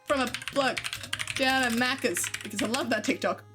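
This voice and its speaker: A woman's voice: on the high side, moderate pace, over music. A young Australian woman streaming from home, chatting in a bubbly, rambling way and often giggling. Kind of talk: casual live-stream chat.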